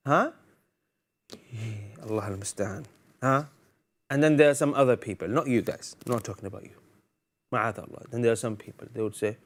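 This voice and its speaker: A man's voice: medium pitch, moderate pace, pauses often. A man hosting a live TV Quran lesson for children, playful and teasing, quizzing the viewers and mixing Arabic phrases into his English. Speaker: TV Quran teacher and host. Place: TV studio.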